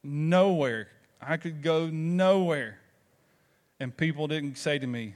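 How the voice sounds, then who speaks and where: A pastor with a Southern American drawl delivers a sermon in a relaxed, storytelling way. His voice sits a little high for a man, and he keeps asking the congregation rhetorical questions. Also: slow pace. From Southern United States.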